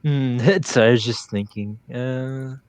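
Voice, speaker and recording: A male tabletop player works through his plans out loud, slowly and haltingly. His voice is smooth and clean, and the sound is close and dry. He drops the odd casual curse. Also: medium pitch, dry recording. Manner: hesitant, thinks aloud, swears casually.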